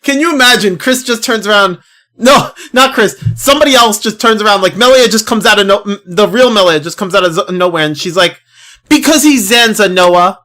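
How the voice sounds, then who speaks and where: Over game music, a man streams a video game live in a high, brisk, pushed and bright voice. He rambles casually about the play, laughing often and swearing.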